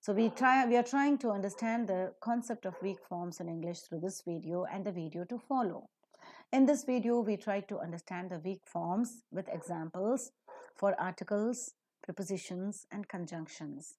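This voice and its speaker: A woman teaching English pronunciation in a lecture, slowly and emphatically modeling example sentences. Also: medium pitch, darkish tone.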